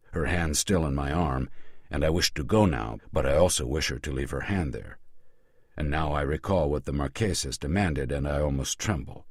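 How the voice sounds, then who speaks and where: A man narrating an audiobook in the first person, with a measured, formal delivery. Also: very deep voice, dry recording, studio quality.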